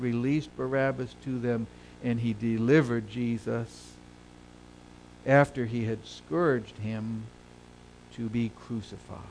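A male pastor preaching a sermon, swelling loud and high on key phrases and then sinking low and quiet. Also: slight background noise, poor audio. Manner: preaches with big swells in pitch and volume, then drops low.

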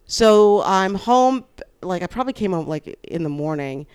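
Speaking at normal speed with a medium-pitched, clear, resonant voice, this woman guests on a podcast. She recounts a long personal story casually and acts out the people in it with animation.

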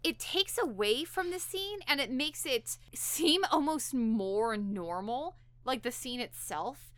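A young woman talks through a show's plot for her podcast in a lively, casual way, popping into quick voices for each character. Her voice is bright and sits a little high. The recording is dry and close. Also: no echo. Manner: animated, acts out characters' lines while retelling. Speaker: podcast co-host. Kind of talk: casual chat recapping an episode.

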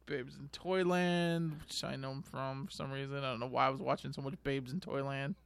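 A man's voice: medium pitch, little pitch movement, fairly quick, creaky, clean tone, no room sound. A man co-hosting a podcast, joking and teasing in crude, casual banter. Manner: jokey, playful, teasing. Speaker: podcast co-host.

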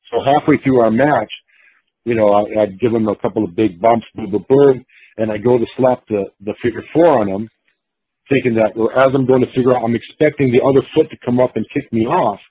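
A former pro wrestler, appearing as a guest, tells stories in a rambling casual interview, full of fillers and restarts. His mid-range voice is husky, and the recording is dry and narrowband like a phone, with no room sound.

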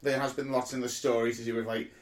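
A man co-hosting a relaxed podcast chat. His delivery is animated and loose, with frequent laughter and casual swearing. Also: mid-range voice, fast. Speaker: podcast co-host.

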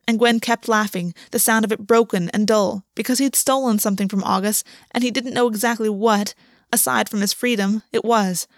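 A woman reads a story aloud in a measured, steady narration. Her voice sits at a middle pitch for a woman. The recording is dry and close, with no room sound. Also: dry recording. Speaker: audiobook reader. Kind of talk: scripted fiction narration.

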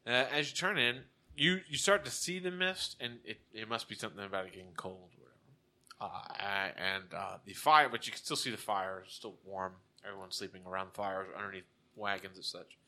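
Bright-voiced man running a tabletop game. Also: lowish voice. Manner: halting, self-correcting, casual narration. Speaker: game master.

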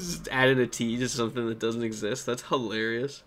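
A man's voice: medium pitch, fairly even intonation, brisk, hardly any pauses, fairly bright tone. Male co-host, mid-range voice, chatty and giggly, goofy rambling delivery. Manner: laughs often, jokey and rambling. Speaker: podcast co-host. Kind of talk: casual chat.

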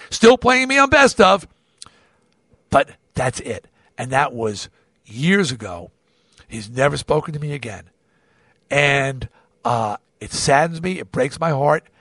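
A man hosting a podcast, telling a personal story in an animated way, often restarting and repeating words. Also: a little high, no room sound, clean studio sound. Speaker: podcast host. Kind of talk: confessional storytelling.

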